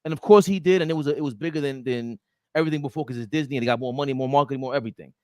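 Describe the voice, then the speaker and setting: A man co-hosting a casual sports podcast, talking in slangy, emphatic bursts with loud outbursts. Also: medium pitch, very fast, no room sound, studio quality. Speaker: podcast co-host.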